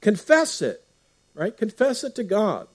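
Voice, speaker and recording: Man as pastor: relaxed Bible teacher, fairly high-pitched voice, chatty delivery with frequent fillers and restarts. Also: measured pace, breathy edge. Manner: conversational, often adds "right?", many fillers and restarts.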